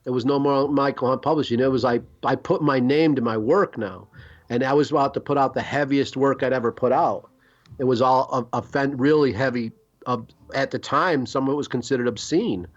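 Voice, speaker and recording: A man's voice: mid-range voice, fairly quick, dull audio. A middle-aged man, hosting a podcast and telling rambling, profane stories. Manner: rambling, profane, animated storyteller. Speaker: podcast host. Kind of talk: storytelling chat.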